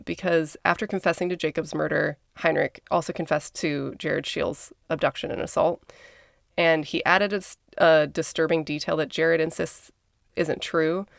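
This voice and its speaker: Gravelly woman podcast co-host from Minnesota, casual true-crime storyteller with blunt asides, dry close sound. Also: sits low, steady tone, normal speed, no echo. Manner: conversational, blunt asides and swearing.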